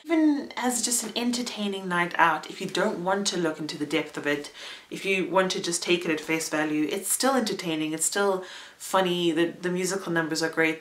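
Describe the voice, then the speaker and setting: A young woman chats through her theatre review, laughing lightly between words. Her voice is bright and forceful yet sits a touch low in pitch, with a relaxed, unscripted flow. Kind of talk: casual spoken review.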